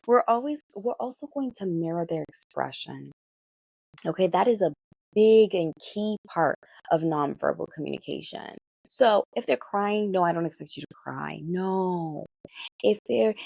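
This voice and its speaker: A woman doula giving parenting advice in a coaching manner, often checking in with listeners and swinging her pitch and pace expressively. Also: creaky, warm tone, slightly rough, no echo.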